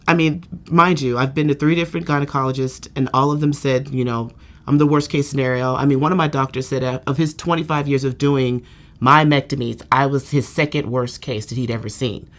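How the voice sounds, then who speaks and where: A woman's voice: a bass voice, steady tone, fairly quick. A woman patient telling her treatment story candidly, with lots of "you know" fillers. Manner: self-described dramatic storyteller. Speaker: patient giving a testimonial. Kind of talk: candid testimonial interview.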